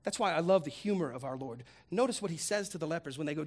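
Male preacher with a high, expressive voice; comic and animated sermon delivery. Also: fast talker, hardly any pauses. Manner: animated, humorous, acts out voices. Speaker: pastor.

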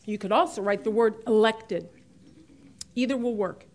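Woman, middle-aged, high voice, Bible class teacher, chatty, stresses key words. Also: normal speed, darkish tone. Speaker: women's Bible study teacher.

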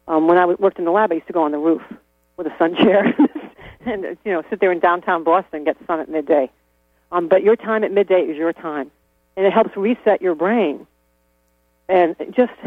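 As a chatty interview guest, a high-pitched man laughs a lot and keeps restarting his sentences. The recording is dry, coming through a tinny, phone-like line with mains hum.

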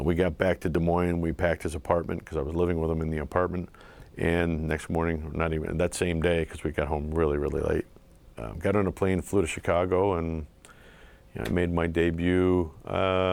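A middle-aged former ballplayer from southeastern Pennsylvania talks through his memories in a very low voice. He speaks haltingly, with many fillers and restarts, reflective and unhurried in a casual interview. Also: vocal fry, a little mellow. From southeastern Pennsylvania, USA. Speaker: former pro pitcher, guest.

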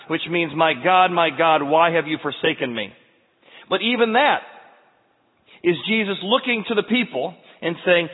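A man preaching a sermon dramatically, dropping to a hush and then rising to loud cries. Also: fairly high pitch, expressive, normal speed. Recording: tinny phone-like sound in a reverberant hall.

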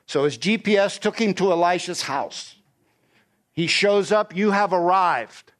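A man preaching a sermon, walking through scripture verse by verse and retelling it in everyday slang. He asks the congregation questions, answers them himself, and sometimes drops to a quiet, low delivery for emphasis. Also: unhurried.

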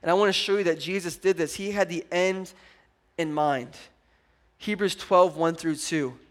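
A man, a pastor preaching a sermon and telling family stories with lively energy. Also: sits high, moderate pace. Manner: animated storytelling, acts out his daughter's voice.

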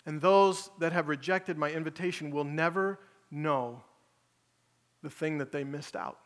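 A man's voice: fairly high pitch, a little slow, long reverb tail. A man preaching a sermon in a conversational way, paraphrasing Jesus and his listeners in casual speech. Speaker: pastor.

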